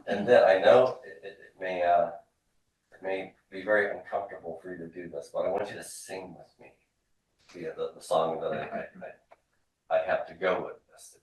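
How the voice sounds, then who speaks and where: Lower-voiced male teacher in an echoey classroom. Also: recorded from a distance, slight background noise. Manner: explanatory, repeats words, drills forms aloud. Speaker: Hebrew instructor. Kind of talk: classroom lecture.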